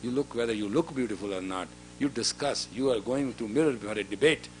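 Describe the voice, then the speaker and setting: With a medium-pitched voice at a slightly fast pace and a little hiss or hum, a spiritual teacher in his fifties addresses a women's class. He is direct and scolding, frequently questioning his listeners.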